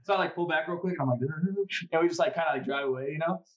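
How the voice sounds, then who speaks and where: A fairly high-voiced man talks in quick, lively bursts, swearing and laughing as he tells stories in a casual chat. The sound is a little dull and lo-fi. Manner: animated storyteller who swears a lot and laughs often.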